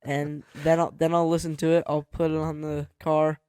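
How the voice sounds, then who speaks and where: A young man co-hosting a podcast in a laid-back way, tossing in short replies and dry jokes. His voice is a little high and smooth, with a flat delivery, recorded dry and close. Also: normal speed, dry recording. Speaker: podcast co-host. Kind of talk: casual chat.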